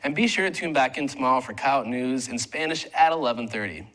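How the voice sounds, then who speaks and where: A man's voice: mid-range voice, a little fast, fairly bright tone, poor audio. Dry, teasing man co-anchoring student news. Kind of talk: student newscast.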